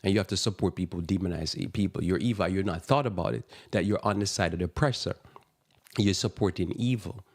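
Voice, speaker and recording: A man's voice: deep voice, fast talker. A man hosting a Christian radio talk show, preaching with impassioned rhetorical questions and rambling, restarting phrases. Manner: impassioned, rhetorical questions, voice leaps up when indignant.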